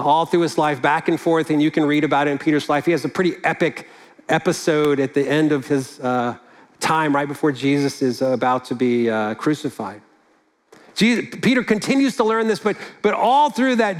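A man preaching a sermon in an earnest, conversational way, with casual asides. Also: on the high side. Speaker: pastor.

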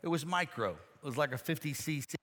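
Give me a high, bright-voiced preacher in a reverberant church hall. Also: male voice, expressive, brisk. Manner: folksy storytelling, talks to the congregation. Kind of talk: sermon. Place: church sanctuary.

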